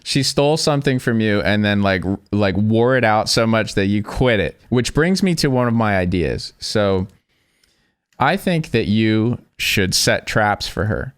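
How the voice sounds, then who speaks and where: A man's voice: on the low side, animated, unhurried, clear, resonant tone. A man hosting an interview, talking in a wry, joking way and building playful schemes. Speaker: host. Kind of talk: interview with commentary.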